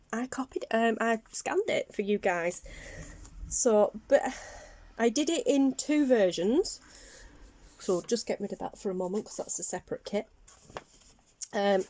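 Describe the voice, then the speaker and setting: A woman's voice: medium pitch, darkish tone. A woman with a Northern English accent, chatting casually through a craft show-and-tell, rambling with lots of ums and little self-corrections. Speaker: craft vlogger.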